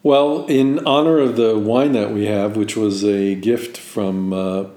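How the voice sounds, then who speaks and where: Middle-aged man, lowish mellow voice, measured, explanatory, echoey empty room. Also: fairly even intonation. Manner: measured and explanatory, with pauses and fillers. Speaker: podcast co-host, wine expert. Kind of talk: casual podcast chat. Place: sparse, empty apartment room.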